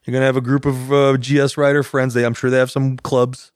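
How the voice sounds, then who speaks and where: A man's voice: medium pitch, level tone, fairly quick, clean tone, no room sound. Enthusiastic man, casual and dry-sounding. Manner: enthusiastic, swears freely, laughs often. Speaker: podcast co-host. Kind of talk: casual chat.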